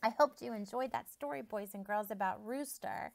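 A woman teacher reading a picture book aloud to young children, pausing to ask them questions and prompt predictions. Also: fairly high pitch, creaky. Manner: expressive, asks children questions.

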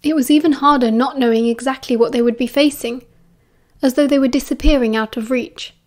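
A woman with a British accent reads an audiobook aloud. She narrates in a calm, even way, and her voice sits fairly high. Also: brisk.

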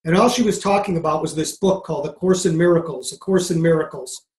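A man, a mindset coach, answering an interview question with a lively story, acting out the dialogue as he goes. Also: on the high side, fast, roomy sound. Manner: animated, acts out dialogue in anecdotes. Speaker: podcast guest, mindset coach.

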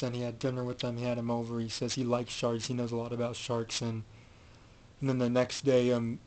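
A man's voice: medium pitch, poor audio. A man giving a casual, rambling recap of a film, with many fillers and restarts. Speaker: film reviewer.

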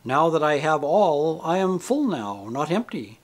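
Man reading as a gentle, saintly lady spirit. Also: fairly high pitch, very animated, measured pace. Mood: earnest. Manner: tender, gently teasing, earnest. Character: radiant, joyful, saintly woman spirit.

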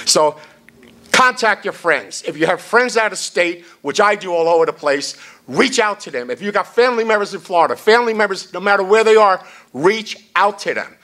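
A man's voice: high voice, a bit bright. A man chairing a party event, giving a blunt, salty, off-the-cuff rally speech.

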